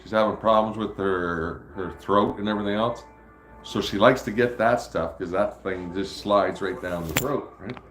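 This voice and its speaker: A man's voice: on the low side, normal speed, reverberant, music in the background, rough recording. A man hosting a livestream, chatting casually and telling long, rambling stories full of swearing. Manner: rambling, profane storytelling. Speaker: livestream host. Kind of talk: casual chat.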